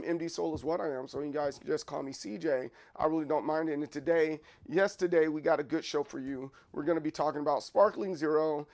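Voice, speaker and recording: A man's voice: a little high, darkish tone, a little hiss or hum. Rambling, playful man hosting a stream. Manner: rambling, playful, apologetic, many restarts. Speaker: livestream host. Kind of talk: casual livestream chat.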